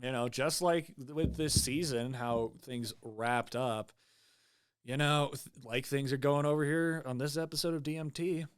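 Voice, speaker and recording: A man's voice: mid-range voice, steady tone, unhurried, clear, resonant tone. A man co-hosting a podcast, casually chatting through a review and swearing freely. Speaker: podcast co-host.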